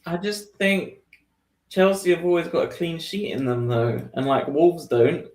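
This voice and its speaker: A man's voice: a little high, animated, unhurried, darkish tone. A man co-hosting a casual fantasy football podcast, musing aloud, laughing often and trailing off. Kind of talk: casual chat. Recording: echoey room.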